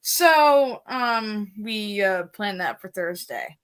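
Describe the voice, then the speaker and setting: A woman from the United States co-hosting a live stream and telling a story in a chatty, animated way. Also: mid-range voice, takes it slowly, clean tone. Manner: chatty, animated storyteller who laughs easily. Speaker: co-host. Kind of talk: casual conversation on a live stream.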